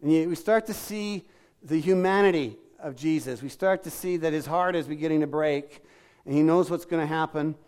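A man's voice: a little high, normal speed, a little mellow. A middle-aged man preaching a sermon in a conversational way, acting out quoted lines and asking the congregation questions. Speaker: pastor.

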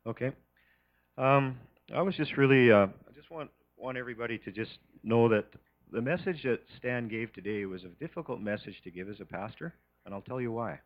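A man giving an earnest, halting address to a church congregation before communion. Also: medium pitch, expressive, muffled recording. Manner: earnest, halting, many restarts. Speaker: church leader leading communion.

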